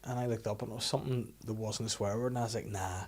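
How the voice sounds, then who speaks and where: A man's voice: lowish voice, fairly even intonation, rapid-fire, darkish tone. Man, 30s, podcast host; casual, laughing storyteller. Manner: storytelling, laughs often, swears freely. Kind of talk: casual chat.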